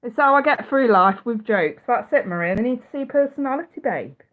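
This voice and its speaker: A woman's voice: fairly high pitch, expressive, fairly quick, a bit bright. A woman with a blocked, stuffy nose, hosting a casual livestream as a psychic reader, chatty, swearing freely and laughing often. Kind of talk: casual livestream chat answering viewers.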